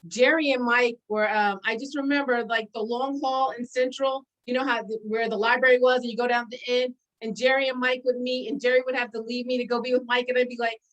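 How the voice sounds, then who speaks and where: Animated storytelling woman, a bit high. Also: brisk, few pauses, dull audio. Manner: animated, laughing storyteller with many fillers. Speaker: guest sharing memories. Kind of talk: casual storytelling conversation.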